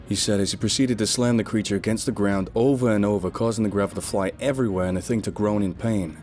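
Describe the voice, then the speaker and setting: A man's voice: lowish voice, steady tone, fast talker, few pauses, darkish tone, soft background music. A man narrating a first-person horror story in a dramatic, lurid style.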